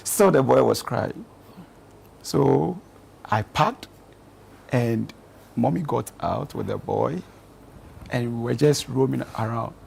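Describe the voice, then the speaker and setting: A man's voice: medium pitch, slow pace, creaky, long pauses, a little hiss or hum. A man, a talk show guest, earnestly telling stories and giving advice. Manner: earnest, storytelling, gently counselling.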